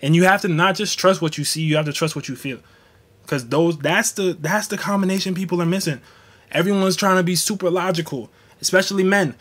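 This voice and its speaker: A young man, hosting a casual astrology livestream in a blunt, profane, slangy way. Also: high-pitched. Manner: blunt, slangy, profane, animated with mocking quoted voices.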